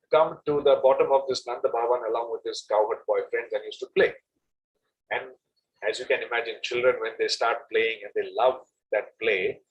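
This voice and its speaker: A man's voice: mid-range voice, rough recording. Man telling a devotional story conversationally. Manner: conversational, anecdotal, digressive. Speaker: devotional speaker.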